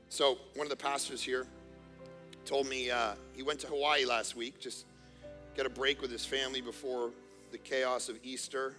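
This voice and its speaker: A middle-aged man preaching a sermon as pastor, telling jokey family stories and swinging from quiet asides to near-shouting. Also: mid-range voice, fairly even intonation, normal speed, soft background music. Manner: casual, joking storyteller. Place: church auditorium.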